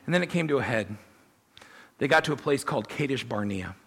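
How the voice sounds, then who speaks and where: A man preaching a sermon, telling the story in an animated way and voicing the people he quotes. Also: mid-range voice, fairly quick, breathy edge. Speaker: pastor.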